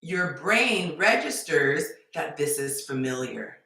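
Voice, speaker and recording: A woman dating coach giving advice on a live stream, emphatic and repetitive with sudden excited bursts. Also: sits low, takes it slowly. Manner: emphatic, repeats points, animated bursts. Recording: very echoey room.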